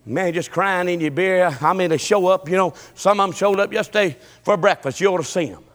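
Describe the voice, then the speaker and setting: A man preaching a sermon in a folksy storytelling way, swinging between loud preaching and quiet asides. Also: sits high, a little fast. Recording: long hall reverb.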